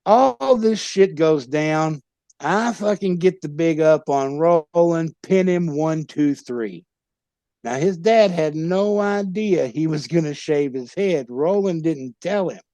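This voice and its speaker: Former wrestler, male, high-ish fry-laden voice, crude storytelling with laughs. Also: slow, mellow, dry recording. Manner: rowdy, profane storyteller who laughs at his own pranks. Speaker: guest, former pro wrestler. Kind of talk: casual storytelling interview.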